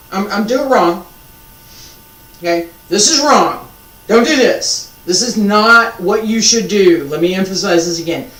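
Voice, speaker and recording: A martial arts teacher talks a class through stances at an unhurried, deliberate pace, repeating key points and poking fun at himself. He sounds distant from the microphone, with his voice bouncing around an echoey practice room. His pitch sits in a middle range. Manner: slow, patient, repeats key points, self-deprecating humor. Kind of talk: live instruction with demonstration. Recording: echoey room, mic far off.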